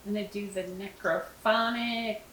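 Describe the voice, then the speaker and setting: A woman's voice: mid-range voice, steady tone, moderate pace. A woman leading a spirit box session as a paranormal investigator, asking short questions and repeating back what the device seems to say. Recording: roomy, distant, loud static hiss.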